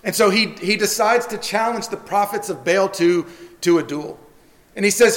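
High-voiced male pastor in an echoing hall. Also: normal speed, fairly bright tone. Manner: earnest, repeats words when starting phrases. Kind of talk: sermon. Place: church sanctuary. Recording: long reverb of a church hall.

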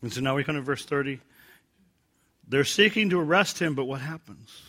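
A man's voice: mid-range voice, normal speed. A man teaching a Bible passage verse by verse, joking about his own gags and acting out the quotes he reads. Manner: acts out quotes in lively put-on voices.

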